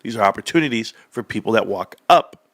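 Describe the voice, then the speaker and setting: A young man hosting a livestream, talking straight to his viewers in an animated, sarcastic rant. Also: on the low side, fairly quick, dry recording. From California, United States. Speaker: livestream host. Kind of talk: casual stock-talk livestream rant.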